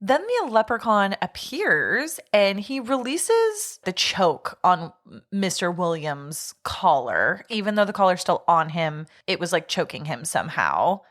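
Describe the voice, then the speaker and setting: A woman's voice: fairly low pitch, very animated, measured pace, hardly any pauses, fairly bright tone. A young woman co-hosting a podcast, chatting casually, laughing often and sharing fun facts. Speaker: podcast co-host.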